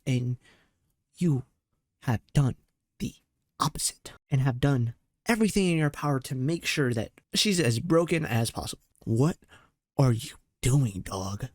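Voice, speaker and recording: Hosting a reaction commentary, a young man with a higher-pitched voice rants in disbelief, exasperated, slangy, and swearing freely as his voice jumps across its range. It's recorded dry and close to the mic, with no room sound.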